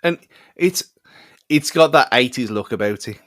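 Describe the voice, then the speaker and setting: A man gives his film opinions in a loose, rambling podcast chat, often restarting his sentences. His voice is mid-pitched. The recording is dry and close-miked. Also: animated, measured pace, fairly bright tone, no echo. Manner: rambling, many restarts and fillers. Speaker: podcast co-host. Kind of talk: casual film review chat.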